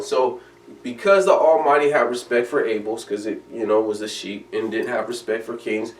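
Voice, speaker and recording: A man's voice: medium pitch, normal speed. A man preaching a sermon in an emphatic, conversational way, reading scripture aloud. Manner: emphatic, conversational preaching, reads King James verses aloud. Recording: echoey room from a distance.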